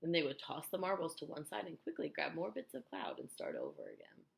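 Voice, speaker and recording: A woman reading a children's book aloud, telling it in an expressive, animated way. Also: low-pitched, fairly quick, creaky. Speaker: storyteller.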